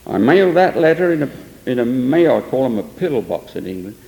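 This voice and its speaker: A man's voice: mid-range voice, very animated, brisk, vocal fry, a little mellow. An older man preacher telling a story in an earnest sermon, with emphatic swells. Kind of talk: sermon testimony. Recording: long echo of a large hall.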